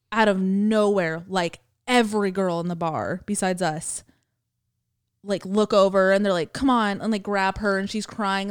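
A young woman on a podcast, talking in long rambling runs full of "like" and swearing and slipping into voices for the people she quotes. Her voice is smooth and clear, and the sound is close and dry. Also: mid-range voice, dry recording. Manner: rambling storytelling with many fillers and swearing. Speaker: podcast co-host. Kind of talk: casual chat.

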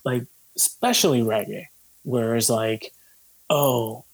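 A musician being interviewed, talking in a loose, rambling way with lots of fillers, swearing and easy laughs. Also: male voice, mid-range voice, normal speed, vocal fry, husky, dry recording. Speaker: musician guest. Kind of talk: casual conversation.

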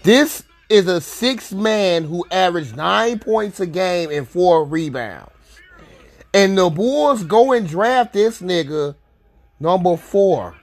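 A man in a heated fan rant, furious and swearing, his high voice leaping wildly between low mutters and shouts. He repeats himself over and over and sounds upset. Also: expressive, slow pace. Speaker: sports fan. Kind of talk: angry rant to camera.

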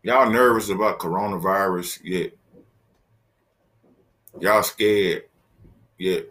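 A male podcast host runs a casual solo show from a laptop setup, talking to camera. His low, fairly bright voice moves slowly as he jokes loosely and addresses listeners directly in slang.

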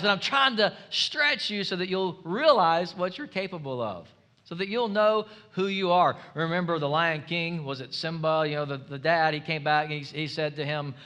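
A man preaching a sermon as pastor, energetic and humorous, building up to shouts. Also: on the high side, normal speed, smooth.

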